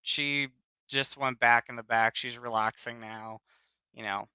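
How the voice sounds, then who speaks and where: A man with a very bright, smooth voice, chatting casually on a livestream. He greets his viewers by name in an affectionate, gushing way. The sound is close and dry. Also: mid-range voice, steady tone, measured pace, no echo, rough recording. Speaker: livestream host. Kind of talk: casual chat.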